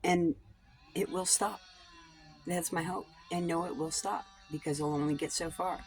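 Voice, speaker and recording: A woman's voice: on the low side, steady tone, normal speed, faint music behind. A woman vlogger talking in a rambling personal monologue about coping, blunt and digressive, swearing freely.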